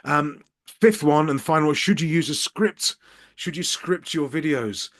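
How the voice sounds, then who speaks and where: A middle-aged man from Birmingham, England, works as a business coach and gives casual tips straight to camera from his office, slipping in dry, self-mocking jokes. His voice is fairly high and unhurried. He's filmed with a camera at eye level and a ring light.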